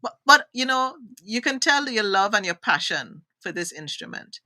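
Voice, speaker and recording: A woman with a Trinidadian accent hosting a live online interview, enthusiastic and animated. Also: mid-range voice, normal speed, no room sound. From Trinidad and Tobago. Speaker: talk show host.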